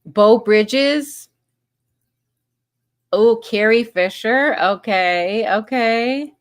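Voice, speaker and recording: A woman's voice: a little high, drawn-out words, clean tone. A woman hosting a casual live chat, reading viewer comments aloud and laughing often between remarks. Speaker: livestream host.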